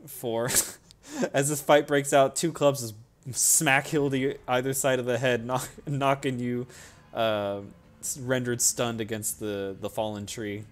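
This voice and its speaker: A young man narrating as a tabletop game master, animated, laughing often and full of fillers. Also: mid-range voice, slow pace.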